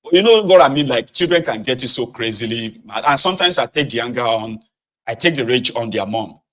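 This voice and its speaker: A man's voice: mid-range voice, fairly quick. A middle-aged Nigerian man with a Nigerian accent, talking through a casual monologue and slipping into Pidgin asides. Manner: animated, acts out shouted scenes, Pidgin asides. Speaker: vlogger.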